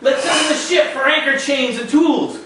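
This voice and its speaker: A man's voice: very high-pitched, normal speed, fairly bright tone, heavy reverb, distant mic, a little hiss or hum, voice pushed up, rough recording. A man voicing a brash, boastful male showman filmmaker with grand talk.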